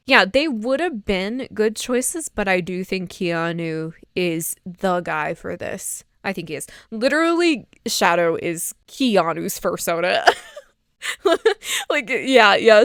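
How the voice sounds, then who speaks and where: A woman vlogging a casual, excitable trailer reaction, gushing and rambling with lots of filler words. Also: mid-range voice, clean tone, dry recording, studio quality. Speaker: fan video creator.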